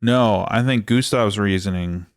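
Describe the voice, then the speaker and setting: A man's voice: fairly low pitch, measured pace, dry recording, clean studio sound. A man co-hosting a gaming podcast, joking and rambling with lots of fillers, talking into a desk mic. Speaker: podcast co-host. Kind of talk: casual gaming podcast chat. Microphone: studio mic at desk.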